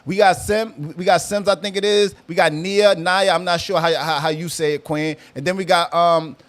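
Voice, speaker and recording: A man's voice: sits high, steady tone, moderate pace, a bit bright, soft background music. A man hosting a live audio chat room, talking casually and animatedly, often repeating himself and teasing guests.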